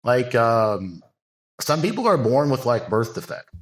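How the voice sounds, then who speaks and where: An earnest man in a relaxed podcast chat, voice pitched at an ordinary middle height. He talks in long loose run-on sentences, often stopping to add fillers before pressing on. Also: measured pace. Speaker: bodybuilding coach and podcast guest. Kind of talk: casual podcast conversation.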